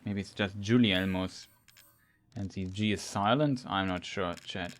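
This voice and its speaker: A man's voice: on the low side, moderate pace. Man thinking aloud over a game. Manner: thinking aloud, hesitant with fillers. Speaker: streamer. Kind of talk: casual gameplay commentary.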